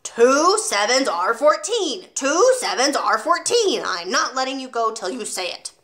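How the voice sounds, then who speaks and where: A monstrous schoolmistress from a storybook, all snapping orders and sarcasm, played by a woman reader. She bellows insults at small children with heavy scorn. The voice sits somewhat high. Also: fairly quick, sharp tone. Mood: bellowing. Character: huge, brutal, sarcastic headmistress.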